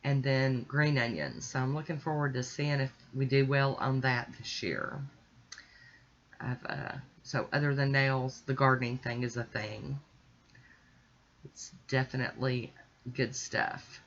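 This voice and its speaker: A woman casually chatting through a nail art tutorial, relaxed and rambling, with small laughs. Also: very deep voice. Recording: dull lo-fi audio.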